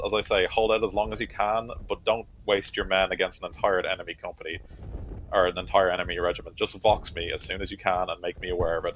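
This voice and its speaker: A stern army captain, voiced by a man with a very deep voice, laying out orders one careful phrase at a time with frequent "uh" pauses. The sound is a little muffled, with lo-fi dullness and a faint hiss. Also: a bit bright. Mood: grave. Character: stern male army captain, commanding officer.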